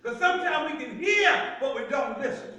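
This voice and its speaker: A man preaching a sermon in a church sanctuary, with call-and-response delivery that rises to shouts on key lines. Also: very high-pitched, expressive, moderate pace, a crowd in the background. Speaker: pastor. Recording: echoey church sanctuary from far off.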